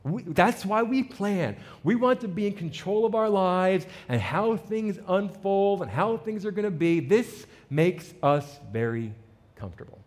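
A man's voice: high-pitched, sing-song, measured pace. A male pastor giving a conversational sermon, informal and prone to repeating words as he builds a point.

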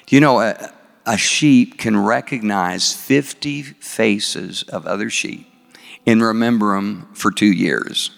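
A man delivers a sermon at an unhurried pace, his voice edged with a gravelly rasp. He puts questions to his listeners and recites scripture in a slow, measured cadence. Long reverb from the hall trails each phrase. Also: lowish voice. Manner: asks the congregation questions, recites slowly. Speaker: preacher.

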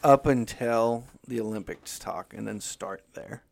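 A man's voice: lowish voice, a little slow, creaky. A man hosting a podcast in laid-back, offhand casual chat. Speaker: podcast host.

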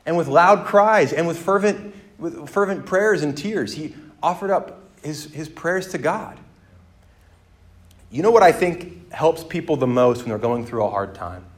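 A man preaching a sermon, moving between quiet reflection and loud, emphatic exhortation. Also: a little high, lively intonation, a little slow.

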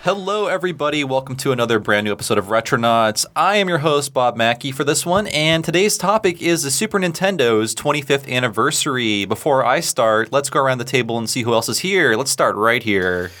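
A male podcast host talking quickly and excitably, his voice at an ordinary middle pitch. He jokes with his guests, stumbles and restarts often, and keeps the chat rolling. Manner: excitable, stammering and joking. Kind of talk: casual chat.

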